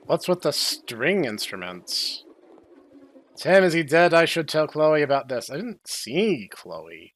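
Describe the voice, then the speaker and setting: Sarcastic man with lively pitch. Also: slow pace. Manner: deadpan, dry sarcastic asides. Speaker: game streamer. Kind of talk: sarcastic let's-play commentary.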